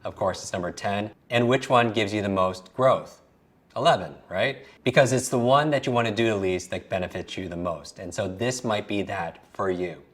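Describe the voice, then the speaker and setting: A man with a slightly low voice teaches a memory lesson in a coaching tone. He drills each letter sound aloud, repeats it and asks the listener to say it along with him. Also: normal speed. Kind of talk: recorded lesson.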